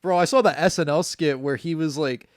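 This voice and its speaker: A man as a podcast guest, telling stories in an animated, profane, casual way. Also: a little high, brisk, no echo, clean studio sound. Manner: animated storyteller, swears freely. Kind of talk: casual chat.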